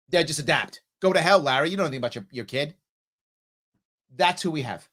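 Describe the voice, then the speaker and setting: A man's voice: fairly high pitch, expressive, brisk, long pauses, a bit bright. A man hosting a live political commentary show, reacting with indignant sarcasm to a clip and reading viewer comments. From New York. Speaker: livestream political show host.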